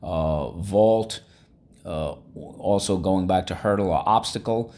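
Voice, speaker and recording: A man's voice: sits low, slow pace, a little mellow. A man teaching a vocabulary lesson, upbeat and coaxing, repeating each word for students to echo.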